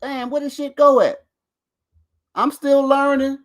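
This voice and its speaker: A man's voice: very high-pitched, flat delivery, measured pace, long pauses. Rambling, profane man ranting to camera. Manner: rambling, profane, laughs between lines; talks straight to viewers. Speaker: vlog host. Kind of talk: casual rant to camera.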